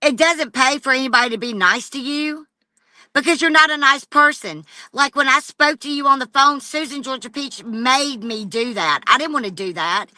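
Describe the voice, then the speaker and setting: A woman's voice: sits high, moderate pace, pushed and bright, no room sound. A woman livestreaming an angry, profane rant straight at a rival. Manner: profane and confrontational, addressing a rival directly.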